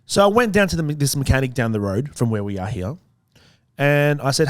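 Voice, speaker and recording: Australian man, podcast co-host, animated storyteller, mimics voices, dry close studio sound. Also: mid-range voice, brisk, dry recording. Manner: animated, acts out voices in his stories. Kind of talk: casual storytelling chat. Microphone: studio microphone.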